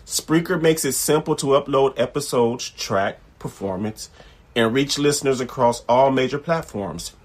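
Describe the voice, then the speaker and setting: A man with a slightly husky, breathy voice, chatting casually on a podcast. He jokes around and throws in slang. He also reads the sponsor spot. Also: medium pitch, moderate pace. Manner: joking, slangy, backchannels a lot. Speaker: podcast co-host. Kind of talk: casual chat.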